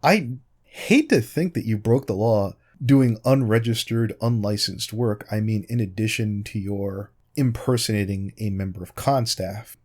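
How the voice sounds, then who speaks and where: A man's voice: on the low side, measured pace, a little mellow. A man in a commentary video, sarcastic and pointed, arguing directly at the person he answers. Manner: sarcastic, pointed, repeatedly addressing his target by name. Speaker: YouTube commentator responding to a critic.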